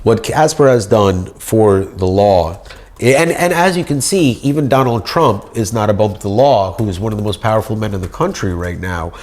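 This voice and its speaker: Rambling, grandiose man, low-voiced. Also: animated, moderate pace, a little mellow. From United States. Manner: grandiose, rambling, speaks as if addressing a judge. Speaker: speaker pleading his case. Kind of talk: rambling monologue.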